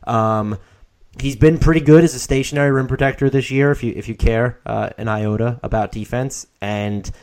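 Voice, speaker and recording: A young man co-hosting a casual podcast, animated, often restarting his sentences. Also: medium pitch, moderate pace. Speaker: podcast co-host.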